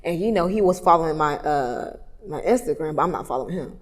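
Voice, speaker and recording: A woman's voice: low-pitched, quick pace, few pauses. Candid woman telling her story, reverberant room. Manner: candid, swings from hushed to loud animated retelling. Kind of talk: emotional personal storytelling. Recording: long reverb, roomy hall sound.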